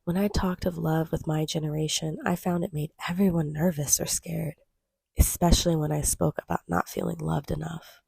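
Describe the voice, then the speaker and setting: A woman reads nonfiction aloud at a measured, steady pace. Her voice is low-toned and mellow with a gravelly edge. It has a slightly husky grain, and the sound is close and dry. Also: no room sound. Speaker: audiobook reader. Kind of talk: scripted nonfiction reading.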